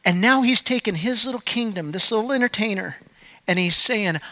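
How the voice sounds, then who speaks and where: A man preaching with a high, bright voice. He is middle-aged, and he swings from loud, emphatic urging to soft, confiding storytelling. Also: a little fast. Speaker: pastor. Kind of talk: sermon.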